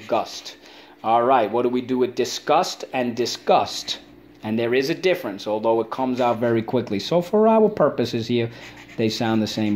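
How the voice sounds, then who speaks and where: Leading kids through spelling online, a man chants words for them to repeat back and breaks into playful, high asides. His voice is a little mellow, and there's a faint hiss or hum.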